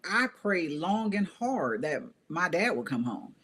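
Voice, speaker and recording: A woman's voice: on the low side, very animated, measured pace, a bit bright, husky. Earnest woman telling her story. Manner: earnest, repeats phrases for emphasis; conversational, with frequent fillers. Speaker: guest. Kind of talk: personal testimony, storytelling.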